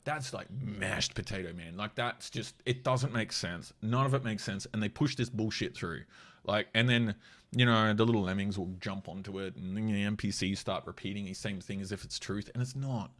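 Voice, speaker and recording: Aussie guy with a cold ranting, blunt and sweary, mocking, lowish voice. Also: normal speed, fairly bright tone. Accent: Australian. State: has a cold. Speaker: commentator. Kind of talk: casual political commentary.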